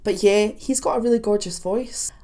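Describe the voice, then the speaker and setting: A woman commenting on a song as a vocal coach, chatty and analytical, with quick asides. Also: mid-range voice, mellow. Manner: analytical, breaks off to sing snippets. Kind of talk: reaction video commentary.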